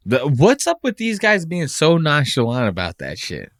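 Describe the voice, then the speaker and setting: A man hosts a podcast in a loose, profane rant, mocking what he has just watched. His voice is bright and swings widely in pitch. The sound is dry and close. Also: huge pitch swings, moderate pace, no room sound. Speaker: podcast host. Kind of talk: casual comedic podcast rant.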